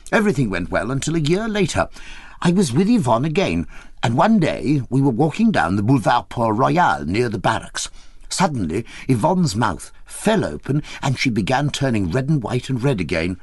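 A man reading an audiobook, telling the story in an expressive, wry way. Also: medium pitch, moderate pace, husky, no echo, clean studio sound. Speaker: audiobook reader. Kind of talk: audiobook narration of a memoir.

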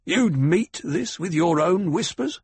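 A man voicing a proud, prickly older security chief who talks in a clipped, defensive, growling way with a raspy voice. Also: high voice, lively intonation, slow, pitched above the performer's own voice, full character voice. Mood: stiff, defensive. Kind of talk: audiobook character voice.

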